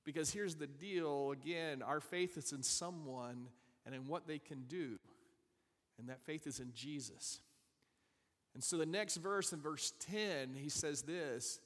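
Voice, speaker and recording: A man preaches a Bible lesson, his voice slightly higher than most men's and ringing with a long hall reverb. He walks through the verses, pausing to talk straight to his listeners with casual asides. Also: fairly bright tone. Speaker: pastor. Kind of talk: sermon.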